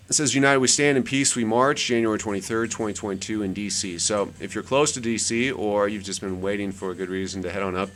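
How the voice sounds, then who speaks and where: A man's voice: mid-range voice, fairly bright tone. Chatty man rambling over a screen share. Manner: chatty, rambling, repeats words for emphasis. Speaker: channel host. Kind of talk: casual screen-share commentary.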